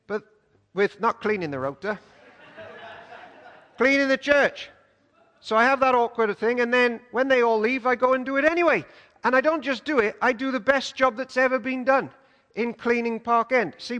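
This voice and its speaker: High-voiced preacher in an echoing church. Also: male voice, normal speed. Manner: animated, conversational storytelling. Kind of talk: sermon. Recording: echoey church hall.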